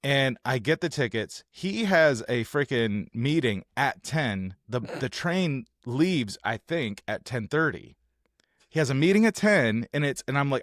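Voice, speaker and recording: Animated male storyteller, dry sound. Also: mid-range voice, moderate pace, no room sound. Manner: animated storytelling, acts out quotes. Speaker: podcast co-host. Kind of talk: casual chat.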